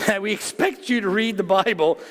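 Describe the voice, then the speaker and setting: A man's voice: high voice, normal speed, fairly bright tone. A middle-aged man preaching a conversational sermon to his congregation, joking and folksy as he talks straight to them. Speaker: pastor. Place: church sanctuary. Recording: long reverb of a church sanctuary.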